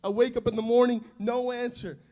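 A man in his twenties preaching a sermon, telling his own testimony in an earnest, emotional way that swells loud and drops soft. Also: extremely high pitch, level tone, fairly quick. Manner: earnest and emotional, loudness rising and falling.

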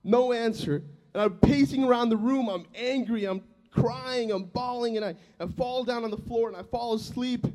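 Earnest high-voiced young preacher. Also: male voice, normal speed, few pauses. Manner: earnest and emotional, loudness rising and falling. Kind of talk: sermon with personal testimony.

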